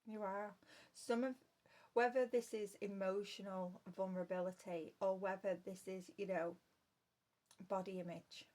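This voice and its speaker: Reading tarot aloud for her viewers, this woman is earnest, repeats phrases, and addresses the listener as "love." She speaks a little slowly in a mid-range, darkish voice with fairly even intonation.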